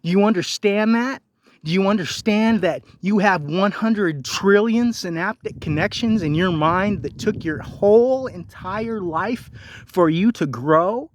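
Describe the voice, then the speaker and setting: A man's voice: sits high, unhurried. A man delivering an angry, profane ranting monologue, confronting the listener with repeated rhetorical questions. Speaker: vlogger.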